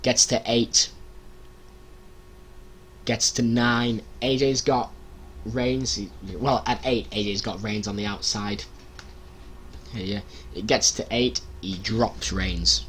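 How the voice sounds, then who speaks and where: Excited man recapping wrestling. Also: lowish voice, slow pace, pauses often, a little hiss or hum. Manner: excited, animated, imitates people with loud shouts. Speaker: wrestling results vlogger. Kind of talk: casual recap vlog.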